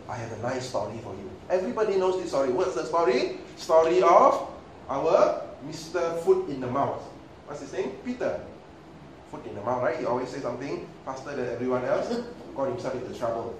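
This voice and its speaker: Animated preacher in an echoey hall. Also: male voice, medium pitch, a little fast. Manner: animated, dramatic, acts out scenes, laughs often. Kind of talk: sermon. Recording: echoey hall, distant mic, ambient noise.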